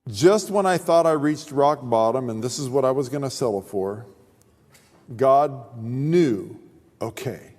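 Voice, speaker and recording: A man pastor telling his testimony in a sermon, as an animated, humorous storyteller. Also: medium pitch, a little slow. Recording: long hall reverb.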